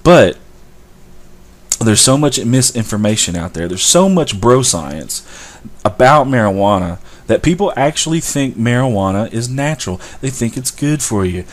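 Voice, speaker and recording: A man's voice: medium pitch, big pitch swings, moderate pace. A man hosting a talk show, ranting in an opinionated monologue with sarcastic asides. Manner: ranting, sarcastic, mocks stoners in a drawl. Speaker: show host.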